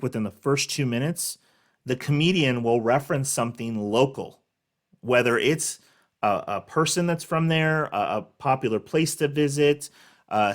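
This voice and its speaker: A man hosting a reaction video, explaining things in a casual, rambling way with many fillers. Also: mid-range voice. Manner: rambling, lots of fillers and restarts. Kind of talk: casual commentary.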